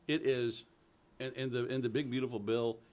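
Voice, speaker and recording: A man's voice: medium pitch, steady tone, moderate pace, a little mellow. A man, co-hosting a casual political talk show in a folksy, joking, opinionated way.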